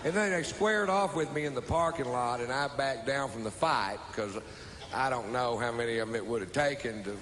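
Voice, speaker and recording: A man's voice: medium pitch, normal speed, fairly bright tone, a little hiss or hum. A man telling a drawling stand-up story and acting out the people in it. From Texas. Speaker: stand-up comedian. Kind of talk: stand-up comedy.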